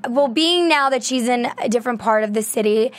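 A woman's voice: a little high, brisk. A woman from Long Island co-hosting a podcast, talking casually and at length, reading a chatty promo. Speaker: podcast co-host. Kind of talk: casual chat about a reality show.

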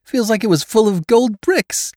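A man voicing a cheerful young woman, lifting his voice high and playful. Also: animated, moderate pace, no echo, clean studio sound. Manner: bright, playful, pleading.

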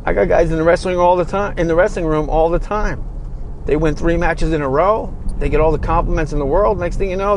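A man's voice: a little high, a little mellow, slight background noise. A man hosting a podcast, giving a blunt, fervent motivational talk full of swearing. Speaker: podcast host. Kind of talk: motivational monologue.

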